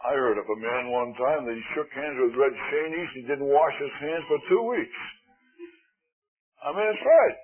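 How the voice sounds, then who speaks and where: A man preaching a sermon in a folksy, emphatic way, swinging between loud appeals and hushed asides. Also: mid-range voice, moderate pace, few pauses. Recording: tinny lo-fi old recording.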